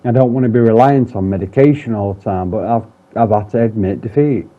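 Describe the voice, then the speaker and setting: A man's voice: fairly low pitch, a little fast. A man talking candidly in a personal vlog, rambling, swearing often and restarting his sentences. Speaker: vlogger. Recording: dull lo-fi sound.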